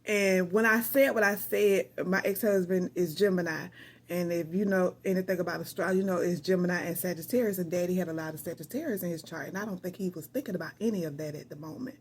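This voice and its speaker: A loud, talkative woman recording an unedited personal reflection, rambling between laughter and tears with a sassy, direct edge. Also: on the low side, quick pace, slightly rough. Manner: emotional, laughing through tears. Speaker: vlogger reflecting on grief.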